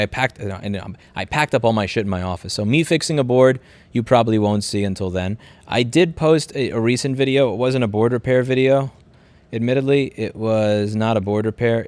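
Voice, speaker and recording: A man in his thirties from Queens, New York City, hosts a casual livestream, his voice on the low side with no echo. In a New York accent, he reads viewer comments and answers them bluntly, sometimes with profanity, rambling and restarting sentences.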